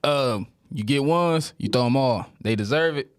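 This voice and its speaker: Loud jokey dude on a podcast, crude, dry sound. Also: male voice, mid-range voice, normal speed, clean tone, no room sound. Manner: joking, crude, brash. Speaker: podcast co-host. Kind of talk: casual chat.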